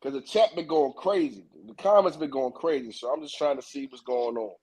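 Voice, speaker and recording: A man co-hosting a boxing talk show, joking and trying to calm down the other two. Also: medium pitch, a little fast. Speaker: podcast co-host. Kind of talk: casual chat.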